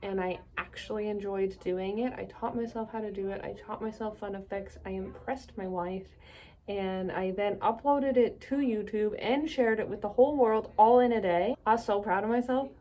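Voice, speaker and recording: A woman's voice: medium pitch, moderate pace, warm tone. A young adult woman from Canada talking to camera in a casual solo vlog, rambling and self-deprecating, laughing often. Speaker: vlogger.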